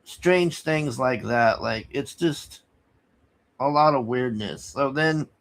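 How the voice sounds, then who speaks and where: Slow, rambling man recapping a movie. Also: medium pitch. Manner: rambling, halting, many restarts and fillers; exasperated, sighing. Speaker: movie reviewer. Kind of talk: casual spoken movie recap.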